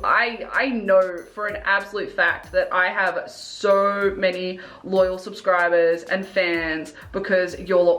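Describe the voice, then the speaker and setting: A woman's voice: medium pitch, fairly bright tone. A young woman beauty vlogger chatting casually and earnestly while doing her makeup, rambling with lots of fillers and restarts. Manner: earnest and self-reflective.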